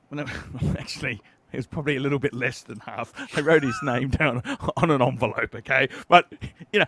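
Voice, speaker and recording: A man hosting a casual livestream, telling a story in an animated way, acting out quoted messages and laughing often. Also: medium pitch, brisk, few pauses, breathy edge, no room sound, studio quality. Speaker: livestream host.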